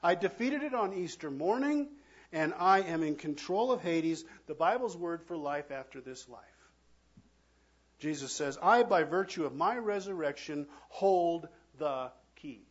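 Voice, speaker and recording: A male pastor with a slightly husky, somewhat high voice delivers a sermon. He leans hard into some words and then drops almost to a whisper on others. The recording sounds a little muffled and lo-fi. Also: animated, measured pace. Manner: preaching with dramatic swings from loud emphasis to hushed near-whispers.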